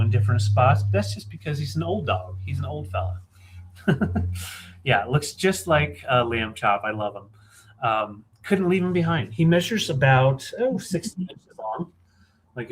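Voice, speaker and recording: A man's voice: medium pitch, a little hiss or hum. A man co-hosting a live vintage sale, talking in an easygoing, fond way with lots of fillers. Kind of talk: casual sales chat.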